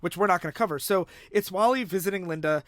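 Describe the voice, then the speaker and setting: A man's voice: high voice, fast, a bit bright, no room sound, clean studio sound. A man co-hosting a podcast, casually recapping a comic story and swearing now and then. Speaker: podcast co-host. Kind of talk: casual comic book discussion.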